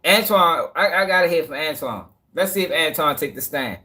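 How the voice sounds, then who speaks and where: Skeptical male co-host, emphatic, high-pitched voice. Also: animated, normal speed, pushed and bright. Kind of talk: casual commentary.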